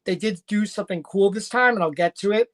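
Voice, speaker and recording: A woman's voice: mid-range voice, fast talker. A woman casually recapping a wrestling show, chatty and rambling with frequent fillers and restarts.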